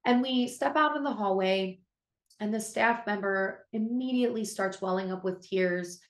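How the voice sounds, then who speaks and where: A young woman speaks as a podcast co-host in an earnest, heartfelt voice at a middle pitch, often catching herself and restarting her sentences. Her voice rings with a roomy echo. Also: moderate pace. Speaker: abuse prevention educator and co-host. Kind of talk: conversational podcast storytelling.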